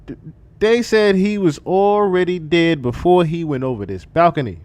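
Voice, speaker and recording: A man giving casual livestream commentary in an animated, profane way, often repeating himself. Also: fairly high pitch, moderate pace, no room sound.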